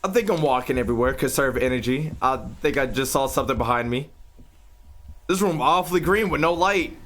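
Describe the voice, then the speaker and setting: A man's voice: medium pitch, expressive, a little fast, a bit bright. A young man streaming a live reaction. He talks to his chat with plenty of profanity and yelps when something startles him.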